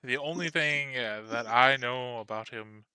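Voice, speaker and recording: A man's voice: medium pitch, measured pace, bright, forceful tone, smooth, no room sound, rough recording. A man voicing a reluctant, foul-mouthed woman from a thieves guild in an improvised tabletop game, grudging and cursing under her breath. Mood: explaining. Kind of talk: improvised tabletop role-play.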